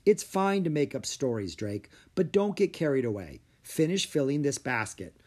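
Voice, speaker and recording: A man reading aloud and voicing a patient, matter-of-fact mother who gently scolds her son. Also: mid-range voice, sing-song, moderate pace. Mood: scolding. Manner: mildly scolding.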